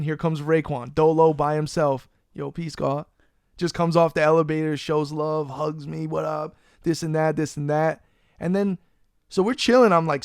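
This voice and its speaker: A man with a fairly high-pitched voice hosts a casual podcast, spinning a long story with loose, swearing energy. The sound is very dry and close, with no room around him. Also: clear, resonant tone, dry recording. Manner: animated, profane, loose storyteller. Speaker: podcast host. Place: Florida.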